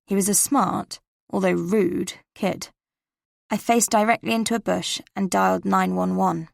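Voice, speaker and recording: A woman narrating a cozy mystery audiobook in the first person, in a measured, wry manner. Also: medium pitch, steady tone, creaky, no room sound, studio quality.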